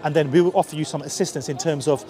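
A man's voice: on the high side, fairly even intonation, racing. A man from East London with a Cockney accent, preaching earnestly outdoors and often restarting his sentences. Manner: earnest, repetitive, frequent restarts. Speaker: street preacher. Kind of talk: persuasive street preaching. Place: outdoors on a busy city street. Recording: busy street crowd noise.

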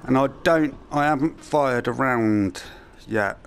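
A man's voice: mid-range voice, slow pace, slight background noise. A man thinking aloud to himself as he plays through a video game, giving let's-play commentary into a headset mic. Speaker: gamer.

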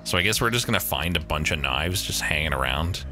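A man with a low voice gives casual live-stream commentary while he plays. His delivery is wry and joking, moves up and down in pitch, and breaks into easy laughs. Game music plays clearly behind him. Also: lively intonation, a little fast, sharp tone.

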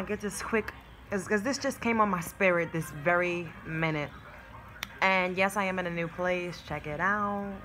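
Woman vlogger with a bright, punchy voice. Brash and sassy, curses and laughs easily. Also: fairly low pitch. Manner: brash, sassy, swears freely and laughs mid-sentence. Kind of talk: casual talk to camera. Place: at home in a new place.

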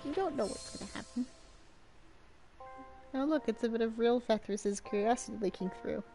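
A woman's voice: on the high side, fairly even intonation, moderate pace, creaky, dark tone, soft background music. A young woman streaming a game, reading its dialogue aloud in different voices and adding casual comments of her own. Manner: reads dialogue in several voices between casual asides.

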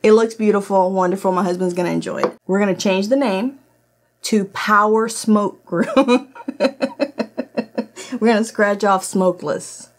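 A woman's voice: mid-range voice, steady tone, normal speed, long pauses. A woman who did not grow up speaking English hosts a casual product review vlog, talking straight to her viewers. Her delivery is blunt and full of laughter, and she swears freely as she tries out a kitchen gadget at home. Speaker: host of a product review channel. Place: indoors at home, in her office.

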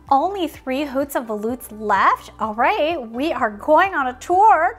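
A woman's voice: sits high, animated, a little slow, hardly any pauses, a bit bright, faint music behind. A woman hosting a toy unboxing video, narrating in a silly, playful way and making sound effects.

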